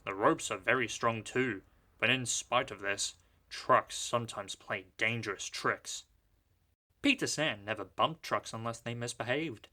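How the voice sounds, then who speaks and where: A man reading a children's storybook aloud, narrating in a lively, expressive way. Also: mid-range voice, a little slow.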